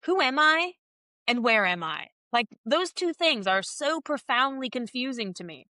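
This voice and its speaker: A woman guest on a podcast, candidly telling a personal story in a casual, animated way and reenacting conversations as she goes. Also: sits high, measured pace, no echo.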